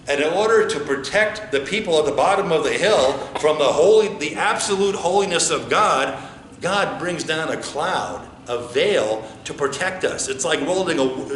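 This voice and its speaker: American pastor preaching in an echoey church. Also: male voice, a little high, fairly bright tone, a little hiss or hum. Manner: conversational, asks the congregation questions. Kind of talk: sermon. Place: church sanctuary. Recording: echoey church with faint ambience.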